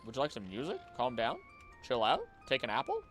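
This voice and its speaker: A man chatting casually on a live gaming stream, jokey and animated, talking to the creatures on screen. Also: medium pitch, fairly quick, faint music behind. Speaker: streamer and voice actor.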